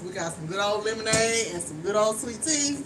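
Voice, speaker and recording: A woman's voice: mid-range voice, a little fast. A woman chatting frankly to viewers while she cooks in her home kitchen. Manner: chatty, frank, talks straight to viewers, swears casually. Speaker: vlogger. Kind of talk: casual chat while cooking. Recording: distant mic with steady background noise.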